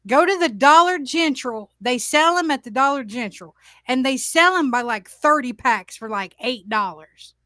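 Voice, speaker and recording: A woman hosting a live talk stream, her voice pitched high and bright with a sharp edge. She swears freely and tells stories with incredulous, laughing disbelief. The sound is close and dry. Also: expressive, moderate pace, no echo. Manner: profane, laughing, incredulous storytelling. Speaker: talk show host. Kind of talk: casual chat. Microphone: livestream studio mic.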